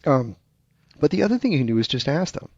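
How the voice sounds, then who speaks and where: A man with a gravelly, slightly husky voice explains things patiently, like a teacher, and voices imagined buyers with lively jumps in pitch. The sound is close and dry but a little dull, without much room around it. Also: fast talker, no echo. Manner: animated, teacherly, acts out buyer questions with shifting pitch. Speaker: guest expert on sales value. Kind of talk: explanatory interview talk.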